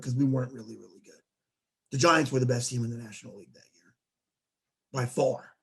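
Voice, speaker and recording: A man hosting a casual sports talk show, telling stories in an animated way and acting out quoted dialogue. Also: mid-range voice, a little fast, creaky, pauses often. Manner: animated storyteller who acts out quoted dialogue.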